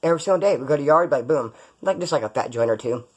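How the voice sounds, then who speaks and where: A man's voice: medium pitch, lively intonation, quick pace, low-quality recording. A man telling stories casually on his own video channel, rambling and full of prison slang. He grew up in California. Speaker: vlogger. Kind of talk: casual storytelling vlog.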